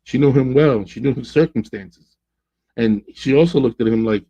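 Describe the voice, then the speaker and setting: A man's voice: mid-range voice, moderate pace, husky, muffled recording. A man hosting a podcast, telling a story in a casual, slangy way and acting out the people he quotes. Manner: animated, slangy, acts out quoted voices. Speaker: podcast host.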